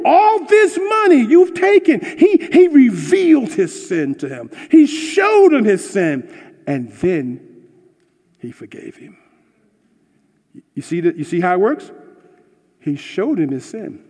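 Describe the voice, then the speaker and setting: A man preaching a passionate sermon, swinging from hushed words to shouting, and ending in prayer. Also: extremely high pitch. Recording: long hall reverb.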